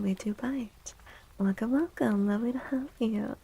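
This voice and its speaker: A woman streamer in a soft-spoken, whispered role-play as a friendly, playful witch, chatting with her viewers. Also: medium pitch, steady tone, normal speed, creaky, slightly rough, rough recording. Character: friendly witch, female, young adult, playful.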